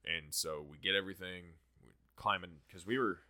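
A young man with a low, deep voice and a bright, forceful edge tells a story on a podcast. He talks casually and swears freely. His delivery is animated and keeps the story moving. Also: moderate pace. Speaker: podcast host.

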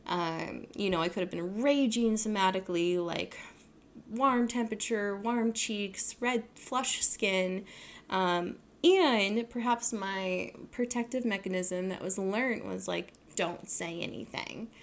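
A young adult woman hosts her own podcast, talking casually on her own in a rambling way, full of fillers and self-corrections. Her voice is mid-range and she takes her time.

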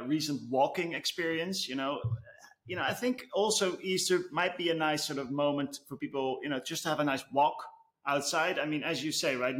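Rambling, easygoing man on a podcast. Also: a little high. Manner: relaxed, rambling, many fillers like "you know". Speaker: podcast co-host. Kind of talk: casual chat.

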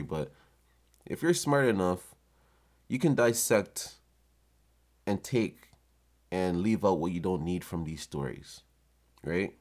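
A podcast host with a very low voice tells a story. He is swaggering, casual and profane, and leans back into an unhurried delivery full of asides. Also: darkish tone.

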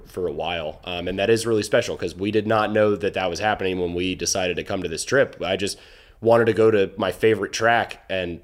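A young American man hosting a podcast, chatting excitedly and rambling with many restarts. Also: deep voice. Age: young adult. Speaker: podcast host. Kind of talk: casual chat.

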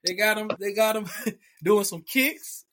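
A man with a notably high voice riffs through a casual sports podcast. He jokes around and acts out how players might have reacted. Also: a little slow, background noise. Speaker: podcast co-host.

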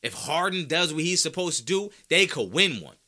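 A man hosting a sports podcast in a very bright, sharp voice, ranting in a casual, slangy way. His pitch swings widely as he fires off rhetorical questions. He argues with strong, confident opinions. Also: animated, moderate pace. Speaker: podcast host.

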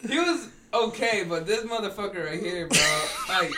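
High-voiced young man laughing through banter. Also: expressive, moderate pace, very noisy. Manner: rowdy, laughing, swearing banter. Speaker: podcast co-host. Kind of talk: casual podcast chat.

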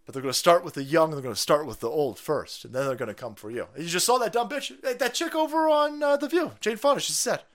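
A man's voice: high voice, lively intonation, fast, few pauses, fairly bright tone. A middle-aged man hosting a political livestream, ranting in a combative, profane way and laughing often. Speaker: livestream host.

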